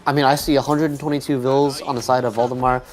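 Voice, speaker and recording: A man's voice: medium pitch, level tone, fast talker, faint music behind. A man co-commentating a strategy game tournament live in a casual, keen way. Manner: casual, keen, filler-heavy. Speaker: co-caster.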